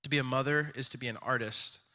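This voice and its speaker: A man reading a poem aloud slowly and deliberately in front of a church congregation. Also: medium pitch, fairly even intonation, sharp tone. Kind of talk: poetry reading.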